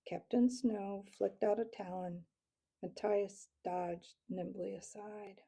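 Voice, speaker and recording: A woman reads a storybook aloud at an unhurried, measured pace. Her voice is dark and mellow, with a husky, gravelly texture running beneath the narration. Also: medium pitch. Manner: measured, steady reading. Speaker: audiobook reader.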